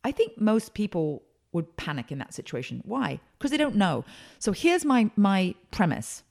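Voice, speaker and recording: Woman consultant, podcast guest; lively, emphatic storyteller with a mid-range voice. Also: mid-range voice, normal speed, vocal fry. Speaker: consultant and speaker. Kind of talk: podcast interview.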